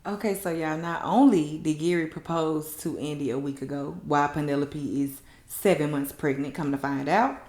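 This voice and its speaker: Animated woman recapping a show, echoey room. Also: low-pitched. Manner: animated, blunt, slangy storytelling with mocking quotes. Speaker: TV recap host. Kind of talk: casual recap talk.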